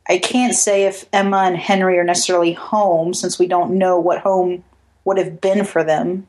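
A woman co-hosting a podcast in casual chat, laying out her points deliberately with a dry, sarcastic edge. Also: lowish voice, flat delivery, a little mellow, slight background noise. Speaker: podcast co-host.

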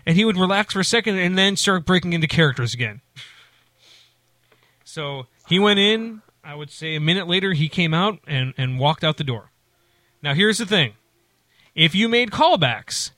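A man's voice: high-pitched, lively intonation, normal speed, bright, forceful tone, no room sound. A man casually telling a long, rambling story, with many restarts and acted-out quotes of other people.

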